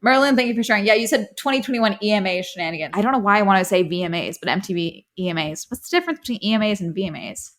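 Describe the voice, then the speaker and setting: A young woman hosting a casual podcast, excitable and high strung, often laughing as she reads listener stories. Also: racing, few pauses, rough recording. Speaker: podcast host.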